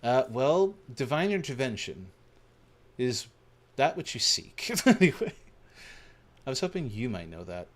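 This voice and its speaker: Gamer guy rambling and gushing while he plays, swears a lot, voice all over the place, kinda slow talker. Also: medium pitch, very animated. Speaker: gaming video host. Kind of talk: casual gaming commentary.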